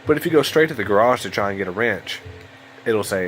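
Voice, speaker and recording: Tired young guy with a lowish voice rambling thru a let's play late at night, faint ac hum behind. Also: lively intonation, quick pace, a bit bright, low-quality recording. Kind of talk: casual gameplay commentary. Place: home room at a computer.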